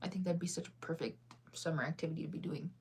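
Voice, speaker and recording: A sleepy woman hosts a relaxed livestream, answering viewers and often stifling yawns. Her talk is loose, rambling and giggly, and her voice sits a little low for a woman. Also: fast, breathy edge. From United States. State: sleepy, yawning. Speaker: livestream host. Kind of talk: casual livestream chat reading viewer comments.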